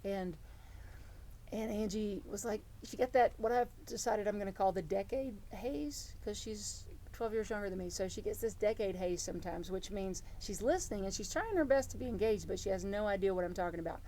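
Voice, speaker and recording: A middle-aged woman preaching a sermon as reverend, telling stories in an earnest, animated way. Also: medium pitch, brisk, slight background noise. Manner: storytelling, earnest and animated, with many restarts.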